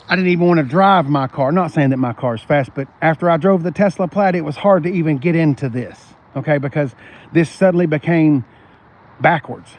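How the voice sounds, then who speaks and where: Man, high bright voice, rambling livestream host, reads chat, gets loud when fired up. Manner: animated, rambling, swings to shouting when worked up. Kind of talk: casual car talk livestream.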